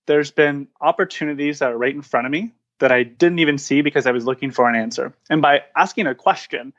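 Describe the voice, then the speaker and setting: Earnest searching man on a lo-fi line. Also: a little high. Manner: earnest, searching phrasing with frequent restarts and fillers. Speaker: podcast guest, founder of a coaching practice. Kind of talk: reflective interview talk.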